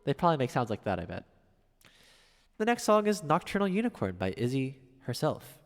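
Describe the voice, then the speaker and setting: A man's voice: fairly high pitch, big pitch swings, quick pace, in a large hall. A man streaming piano, chatting casually as he reads viewer messages aloud and answers them. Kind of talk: casual live-stream chat.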